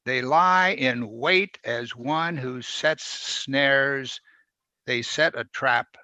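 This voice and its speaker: A man preaching a verse-by-verse sermon, with sharp rises and drops in volume for emphasis. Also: medium pitch, very slow, no room sound. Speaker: pastor.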